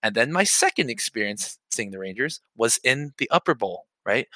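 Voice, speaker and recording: A man tells stories on a podcast in loose, profanity-laced chat and gets loud when he plays out scenes. His voice is bright and forceful. The sound is dry and close. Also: mid-range voice, moderate pace, no room sound. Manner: profane, animated, shouts when reenacting. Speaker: podcast co-host. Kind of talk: casual storytelling chat.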